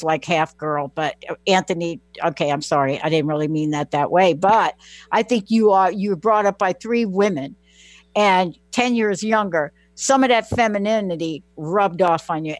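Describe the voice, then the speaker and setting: A woman with a Southern US accent hosting talk radio, rambling warmly through stories and catching herself mid-sentence. Her voice is dry and close on the mic, with no room sound around it. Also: medium pitch, no echo. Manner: chatty, animated storyteller with self-interruptions. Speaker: radio show host. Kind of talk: casual talk radio monologue. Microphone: studio microphone, close.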